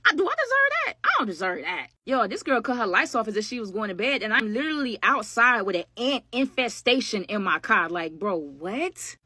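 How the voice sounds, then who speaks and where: A woman's voice: mid-range voice, lively intonation, moderate pace, hardly any pauses, pushed and bright, husky, dry recording. A woman telling a storytime tale to her viewers in a chatty, slangy way, calling them y'all, with dry sarcastic asides. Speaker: storytime vlogger. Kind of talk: casual storytime narration.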